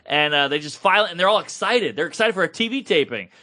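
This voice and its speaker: Man, 30s, podcast co-host; bright, forceful, slightly high voice; animated, salty storyteller. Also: fast. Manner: animated, swears freely, acts out quoted people. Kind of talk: casual storytelling chat.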